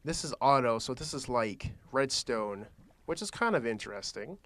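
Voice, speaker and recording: A man's voice: mid-range voice, lively intonation, normal speed, a bit bright. A man giving casual, rambling commentary while he plays a modded block-building game, thinking aloud and trailing off into restarts. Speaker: gaming channel host.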